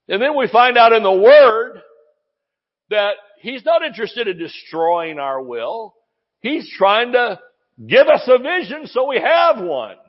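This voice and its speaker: Excitable preacher man in a reverberant hall. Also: high-pitched, slightly rough. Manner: excitable, exclamatory, talks to the congregation with rhetorical questions. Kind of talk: sermon. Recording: muffled sound in a reverberant hall.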